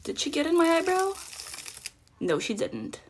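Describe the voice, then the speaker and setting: A woman's voice: very high voice, very animated, measured pace, slight background noise. A young woman chatting playfully and casually to viewers as she talks through her own makeup. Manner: playful, chatty, self-mocking. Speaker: makeup creator. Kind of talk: casual vlog narration.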